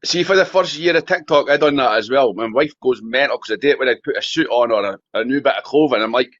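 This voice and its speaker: A man's voice: mid-range voice, fast, fairly bright tone, dry recording, highs cut off. A man, a plumber and guest on a live podcast, chatting casually and telling jokey stories. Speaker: guest, a plumber known from social media. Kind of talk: casual live-stream chat.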